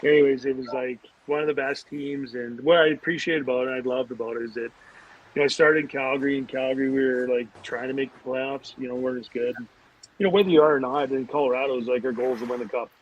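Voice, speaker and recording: A man's voice: medium pitch, fast talker. A man, a former pro hockey player, telling rambling casual stories as a podcast guest, full of fillers and restarts. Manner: rambling, animated anecdotes with many fillers. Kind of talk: casual storytelling. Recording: dull lo-fi audio.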